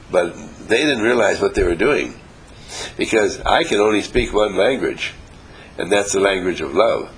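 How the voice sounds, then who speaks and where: Man, low voice, inspirational speaker, emphatic repetition, chuckles a lot. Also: a little hiss or hum, poor audio. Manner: acts out quoted voices, chuckles often. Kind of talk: motivational talk to a small group.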